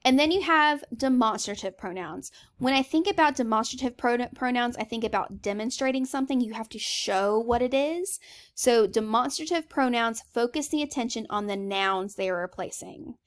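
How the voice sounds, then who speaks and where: A woman's voice: a little high, moderate pace. Chatty woman teaching a grammar lesson. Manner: chatty, emphatic, checks in with "okay?".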